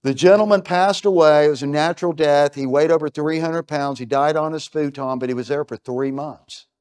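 A man's voice: fairly high pitch, a little fast, a little mellow. A middle-aged American man giving a conference keynote in a punchy, emphatic way, full of rhetorical questions. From United States. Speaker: keynote speaker. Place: stage at an event.

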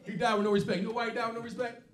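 A man doing a stand-up comedy set, telling stories loudly and profanely and acting out other people's voices, with a laughing audience. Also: very high-pitched, flat delivery, rapid-fire, far from the mic. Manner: loud profane storytelling, acts out voices. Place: comedy club stage. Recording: echoey club, mic off from speaker, crowd noise.

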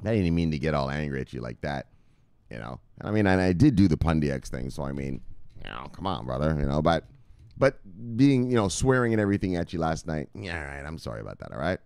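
A man hosting a casual crypto video, reading out viewer comments in a rowdy, foul-mouthed way, with shouted catchphrases between muttered asides. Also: very deep voice, big pitch swings, fast, clean tone, no room sound.

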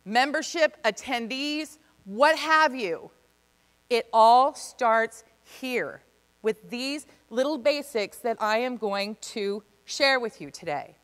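A woman giving an energetic, comedic live seminar talk as a business speaker, playing with the audience. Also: a little high, slow pace. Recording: long reverb of a hall.

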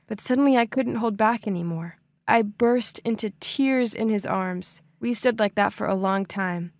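High-voiced young woman narrating her story. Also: no echo, clean studio sound. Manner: earnest, dramatic storytelling. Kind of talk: first-person animated story narration.

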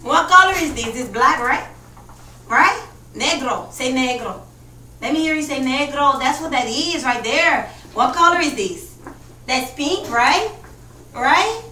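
A sassy young Puerto Rican woman, put on by a performer chats and teases with a Puerto Rican lilt and quick Spanish asides. The voice sits high, and it comes from far off in a roomy hall with faint noise behind it. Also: lively intonation, sharp tone, full character voice. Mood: chatty. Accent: Puerto Rican Spanish-inflected English. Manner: chatty, teasing, bits of Spanish. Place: large indoor room at a kids camp.

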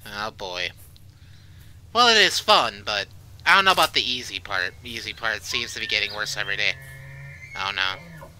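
A man giving casual let's-play commentary, jumpy and swearing, with loud reactions to scares. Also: fairly low pitch, animated, a little fast, slight background noise, low-quality recording. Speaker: gaming YouTuber.

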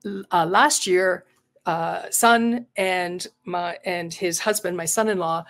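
A woman's voice: lowish voice, slow pace, fairly bright tone. A middle-aged woman, a retired psychotherapist and coach, speaking earnestly and reflectively in an interview, sharing a personal story. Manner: earnest, reflective, repeats words while thinking.

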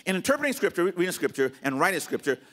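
Lively, high-pitched preaching man. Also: rapid-fire. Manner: teaching preacher, repeats phrases for emphasis, drops to soft low asides. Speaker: pastor. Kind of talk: sermon. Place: church sanctuary.

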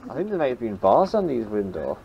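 A man's voice: medium pitch, very animated, fast talker, creaky, breathy edge, dull audio. A man on a ghost hunt outdoors, challenging and urging spirits to give a sign. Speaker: paranormal investigator. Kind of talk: ghost-hunting field chat. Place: outdoors at abbey ruins.

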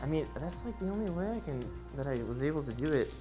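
A man's voice: fairly high pitch, lively intonation, fast talker, music in the background. A man playing a game as a guest, muttering to himself as he fumbles along. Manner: muttering, fumbling, self-talking. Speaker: guest player. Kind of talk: thinking aloud while playing.

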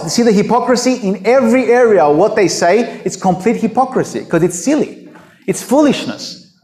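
A man's voice: high-pitched, reverberant. A man preaching an unscripted sermon in a blunt, emphatic way, throwing out rhetorical questions.

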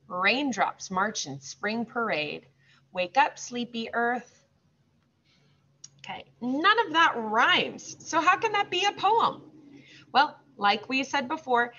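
A woman teaching second graders, sounding out words slowly and patiently. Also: a little high, sharp tone. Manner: slow, drawn-out modeling of words. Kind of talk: recorded classroom lesson. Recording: slightly dull lo-fi recording.

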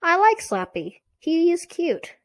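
A woman's voice: very high-pitched, sing-song, takes it slowly, voice pushed up, heavily acted. A woman voicing a cheerful girl who loves puppets in a storybook reading, speaking eagerly and insistently. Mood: fond.

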